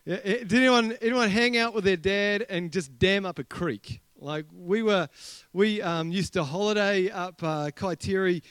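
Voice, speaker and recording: A man's voice: high voice, moderate pace, a bit bright, clear, resonant tone, no room sound. A New Zealand man, a senior pastor, preaching a sermon with chatty, humorous personal stories and questions to the congregation.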